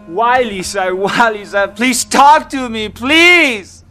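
A man's voice: very high-pitched, expressive, slow, bright, forceful tone, heavily acted. An actor playing an earnest, lovestruck man pleading with his partner in a film drama. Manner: pleading, strangely cheerful. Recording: film clip with faint music.

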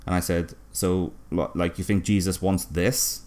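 A man, co-hosting a comedy podcast, telling an absurd story deadpan with lots of fillers and hesitation. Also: sits low, a little slow. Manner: rambling, hesitant, many fillers. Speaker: podcast co-host.

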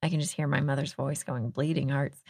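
A woman's voice: low-pitched, fairly even intonation, fast talker, creaky, slightly rough, no echo, clean studio sound. A middle-aged woman from Texas hosting a podcast, chatting in a casual, self-deprecating way and laughing often. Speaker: podcast host.

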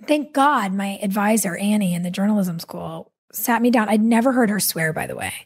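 A woman guest in a casual interview, telling stories animatedly with quick asides. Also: medium pitch, breathy edge. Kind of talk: casual conversational storytelling.

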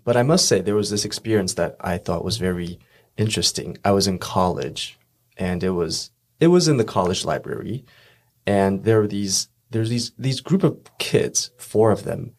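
A man interviewing a guest in English, asking curious questions and joking with her in a teasing way. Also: deep voice. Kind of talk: casual interview chat.

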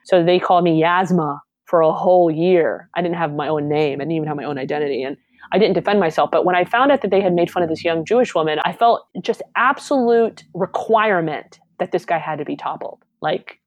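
Lively, lower-voiced woman telling a story. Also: fairly quick, dry recording, highs cut off. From Alabama, US. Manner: lively, acts out dialogue in her stories. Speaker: comedian guest. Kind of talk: animated personal storytelling.

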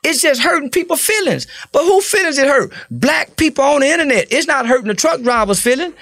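Blunt, profane man with a gravelly voice. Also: extremely high pitch, big pitch swings, fairly quick, fairly bright tone, dry recording, clean studio sound. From Fort Worth, Texas. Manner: blunt, profane, preachy street talk. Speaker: interview guest. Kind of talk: casual interview talk.

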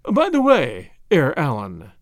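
A man voicing a boastful, mocking rich man who brags loudly about himself in a storybook reading. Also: fairly high pitch, wildly swooping pitch, unhurried, no echo, clean studio sound. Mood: sly. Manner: swaggering and mocking, laughing at others.

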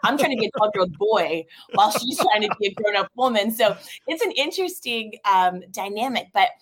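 Woman in her 30s chatting as a guest, mid-pitched, quick lively storyteller, laughs in between. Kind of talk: casual interview chat.

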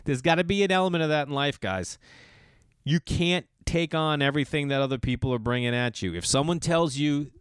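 A middle-aged man from the US Northeast spins a long, rambling personal story as a podcast host. His voice is smooth and resonant, and he keeps restarting sentences and slipping into the voices of the people in his story. The sound is dry and close, with no room around it. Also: a little high, brisk, no room sound. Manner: rambling and animated, full of restarts and sudden quoted voices. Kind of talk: storytelling monologue.

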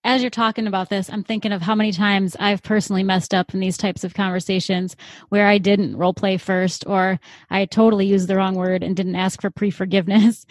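Female co-host, even and flat delivery, reflective, dry sound. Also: mid-range voice, no echo. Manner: reflective, admits own mistakes. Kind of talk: casual chat.

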